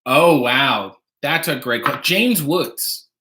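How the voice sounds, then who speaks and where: A man's voice: mid-range voice, expressive, slow pace, pushed and bright. A man hosting a casual livestream from his home kitchen, reading viewer donations and tossing off dry, wry jokes while making coffee. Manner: wry, dry joking asides.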